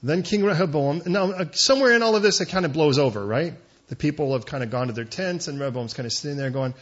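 A man preaching a sermon as pastor, conversational with joking asides and quick digressions. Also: fairly high pitch, expressive, highs cut off.

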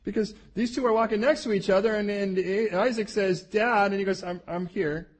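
Husky-voiced middle-aged male preacher. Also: sits high, fairly even intonation, quick pace. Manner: conversational, emphatic preaching. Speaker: pastor. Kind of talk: sermon.

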